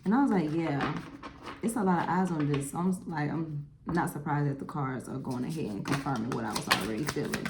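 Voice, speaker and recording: A woman's voice: low-pitched, fairly quick, roomy sound, heavy background noise. Chatty woman doing a tarot reading. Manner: chatty, animated, lots of "okay?" and "y'all". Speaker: tarot reader. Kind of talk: casual tarot reading to camera.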